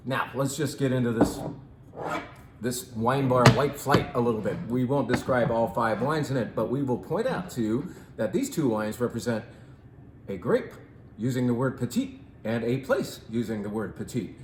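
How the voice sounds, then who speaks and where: A man's voice: medium pitch, lively intonation, echoey room, background noise. Playful man hosting a wine talk. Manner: playful, theatrical, drawn-out emphasis. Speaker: wine shop host. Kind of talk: chatty wine presentation.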